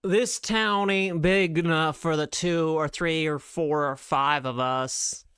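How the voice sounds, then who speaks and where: A hammy cowboy American drawls out slow, overdone lines, as a man puts him on. The voice sits a little high and stays smooth. The sound is close and dry. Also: fairly even intonation, a bit bright, dry recording. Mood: mock-serious.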